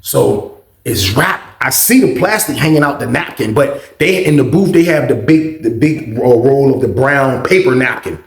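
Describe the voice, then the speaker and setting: A man telling a storytime vlog story in casual slang, animated and getting louder when excited. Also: medium pitch, moderate pace, echoey room. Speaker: storytime vlogger.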